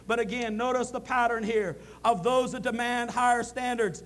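A man preaching a sermon as a minister, building to loud, emphatic peaks. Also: very high-pitched, fairly even intonation, a little fast, hardly any pauses, a little hiss or hum.

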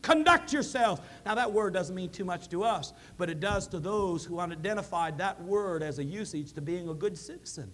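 A man preaching a sermon as a minister, building to loud, emphatic peaks. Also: high voice, moderate pace, few pauses.

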